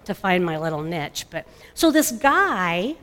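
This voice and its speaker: A middle-aged mother giving an emotional personal testimony, halting and restarting often. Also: on the low side, big pitch swings, fairly bright tone. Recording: long hall reverb.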